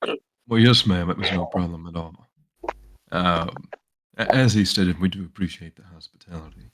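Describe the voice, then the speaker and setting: Deep-voiced man playing a polite soldier. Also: normal speed, background noise. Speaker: player. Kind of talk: in-character roleplay.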